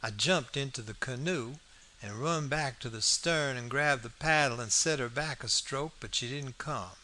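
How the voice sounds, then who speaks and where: A man's voice: medium pitch, moderate pace, bright, forceful tone. A man reading an audiobook aloud, in a folksy first-person storytelling manner with plain vernacular grammar. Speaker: audiobook narrator. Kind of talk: scripted narration.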